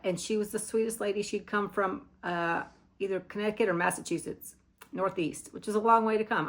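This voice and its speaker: A middle-aged woman from Arkansas hosting a knitting vlog, chatting to camera in a rambling, friendly way with fillers and restarts. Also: on the low side. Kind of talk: casual chat to camera.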